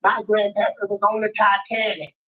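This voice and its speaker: A man's voice: high voice, flat delivery, moderate pace, recorded from a distance, narrow, tinny audio, lightly acted. A man voicing a brash older woman in an improvised comic bit, boasting about her roots. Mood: defiant. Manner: sassy, boastful, calls people honey and child. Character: brash older Southern woman claiming plantation-owner roots.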